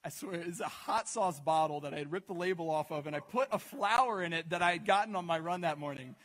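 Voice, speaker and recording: A man's voice: a little high, fast talker, fairly bright tone. A young man preaching to a congregation in a casual, joking storytelling way, full of asides and questions to the crowd. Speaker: pastor speaking to a congregation. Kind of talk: storytelling sermon.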